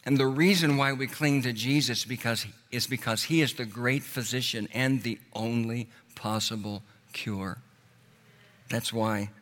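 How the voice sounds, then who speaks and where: Earnest man preaching in a reverberant hall. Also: fairly bright tone. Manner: earnest, slows and drops low on key words. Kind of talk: sermon.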